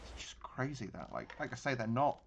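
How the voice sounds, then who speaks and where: A man's voice: mid-range voice, sing-song, fairly quick, slight background noise. A man giving casual gameplay commentary on a naval battle game, thinking aloud with frequent restarts. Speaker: gaming channel host.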